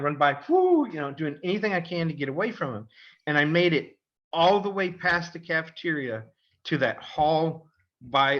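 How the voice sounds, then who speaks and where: A middle-aged man tells a story on a casual podcast, his voice bright and forward. He acts out the other people with lively voices. The audio is a little dull and lo-fi. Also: a little high. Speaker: podcast co-host, father.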